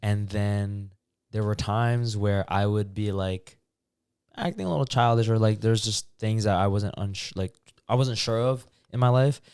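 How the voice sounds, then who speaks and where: A man's voice: lowish voice, measured pace, clear, resonant tone, no echo, clean studio sound. A young man co-hosting a podcast, talking casually and rambling with lots of fillers. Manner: relaxed, rambling, many fillers. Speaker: podcast co-host. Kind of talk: casual chat.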